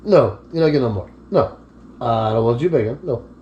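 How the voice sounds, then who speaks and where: A man's voice: medium pitch, animated, a little fast, highs cut off. Easygoing man chatting while he cooks. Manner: easygoing, chatty, talks to his dog. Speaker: cooking vlogger. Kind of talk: casual cooking demonstration. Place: home kitchen.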